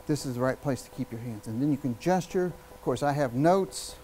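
A man giving a live public speaking workshop, energetic and emphatic, shifting his speed and volume and using long pauses. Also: medium pitch, slight background noise, poor audio. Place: workshop room with an audience.

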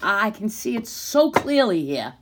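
Filming herself, a woman rambles at unseen doubters, agitated and sarcastic, sinking into whispers before flaring into angry outbursts. Her medium-pitched voice is sing-song and a touch slow.

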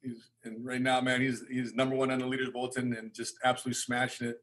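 A man's voice: medium pitch, flat delivery, quick pace, fairly bright tone. A man hosting a podcast, reacting and encouraging his guest in casual chat. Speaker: podcast host.

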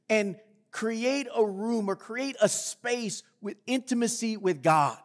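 High-voiced male preacher in a reverberant hall. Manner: earnest, reads scripture aloud with rising force. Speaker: pastor. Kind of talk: sermon. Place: church sanctuary. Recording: long reverb of a large hall.

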